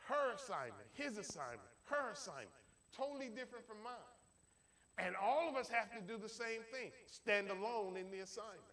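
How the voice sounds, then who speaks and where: High-voiced preacher telling a story. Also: male voice, big pitch swings, moderate pace, bright, forceful tone. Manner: storytelling preacher, folksy, emphatic. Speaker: pastor. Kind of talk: sermon. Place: church.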